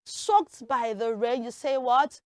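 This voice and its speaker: Woman, high voice, dry studio sound, teaching English, animated. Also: slow pace, no echo. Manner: animated, acts out everyday scenes. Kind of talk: English usage lesson. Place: television studio.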